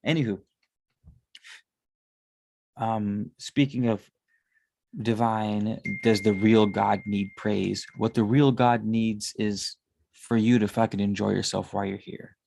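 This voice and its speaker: Gravelly man in a rambling monologue. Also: on the low side, fairly even intonation, slow, pauses often, a little mellow, a little hiss or hum. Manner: rambling, swears often. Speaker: tarot reader and spiritual consultant. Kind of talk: casual monologue.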